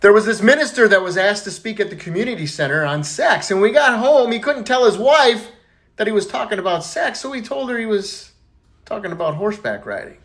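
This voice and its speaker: Man joke teller, animated, laughs at his own jokes. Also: sits high, fairly quick. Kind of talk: casual joke telling.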